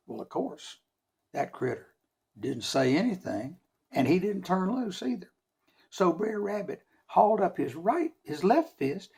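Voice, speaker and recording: Male storyteller, lively and dramatic, gravelly voice sitting a bit high. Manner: lively, dramatic, with shouted sound effects and slow hushed stretches. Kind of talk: folk tale storytelling for children.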